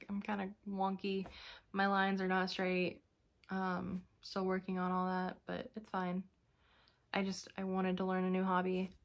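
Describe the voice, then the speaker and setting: Young woman vlogger, casual chatty update, some vocal fry, mid pitch, exasperated storyteller.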